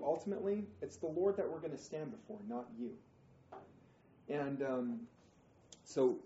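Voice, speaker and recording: A man teaching a Bible study group in an informal, animated way, acting out quotes with slang. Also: medium pitch. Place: indoor room, group class. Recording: roomy, dull, faint noise.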